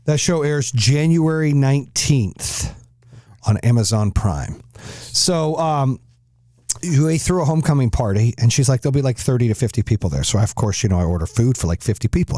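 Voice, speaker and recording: Brief: middle-aged male host, mellow tone, dry close sound, profane animated storyteller. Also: mid-range voice, moderate pace, dry recording. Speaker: podcast host. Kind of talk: casual storytelling chat.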